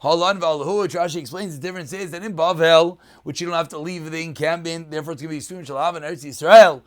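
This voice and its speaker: A man's voice: a little high, steady tone, fast talker. A man teaching a daf yomi Talmud lesson. He reads Aramaic phrases and explains them in English.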